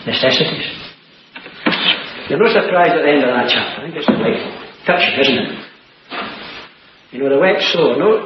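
A man preaching an earnest sermon, repeating key phrases and dropping to a hush for emphasis. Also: fairly high pitch. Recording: muffled, hissy, echoey old recording.

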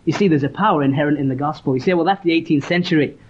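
Preacher, muffled recording. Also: male voice, fairly high pitch, very fast, slightly rough. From Leeds, northern England. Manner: earnest storytelling, reads scripture aloud. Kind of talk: sermon. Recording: dull lo-fi recording.

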